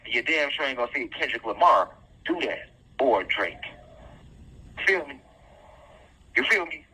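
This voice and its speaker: A man's voice: medium pitch, animated, a little slow, bright, forceful tone, breathy edge, poor audio. A man speaking, delivering an impassioned, preachy monologue full of repeated phrases and rhetorical questions. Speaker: self-styled activist commentator.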